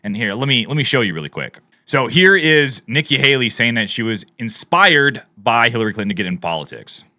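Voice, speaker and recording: Man, opinionated commentary, conversational with fillers, bright tone. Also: medium pitch, lively intonation, fairly quick. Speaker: political commentator. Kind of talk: casual commentary over played clips.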